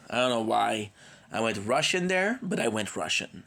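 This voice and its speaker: A man's voice: fairly low pitch, animated, normal speed, vocal fry, pushed and bright. A man streaming games live, chatting in a rambling, playful way with his viewers, tired and coming down with a cold. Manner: rambling and playful, drops in foreign words; chats with viewers by name. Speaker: gaming streamer. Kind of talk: casual livestream chat.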